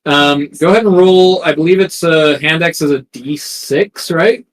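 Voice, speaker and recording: A man's voice: on the high side, moderate pace, slight background noise, low-quality recording. A man narrating a tabletop game as game master, hesitant and full of ums and restarts.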